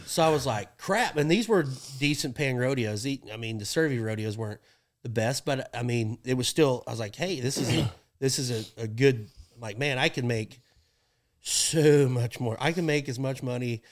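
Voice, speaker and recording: Man telling rodeo stories, animated. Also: medium pitch, normal speed. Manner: animated, acts out quoted voices, laughs often. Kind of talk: casual storytelling chat.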